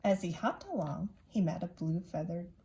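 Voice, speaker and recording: A woman teacher reading a children's picture book aloud, expressive and pausing to point out the pictures. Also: on the low side, slight background noise. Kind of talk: children's story read-aloud.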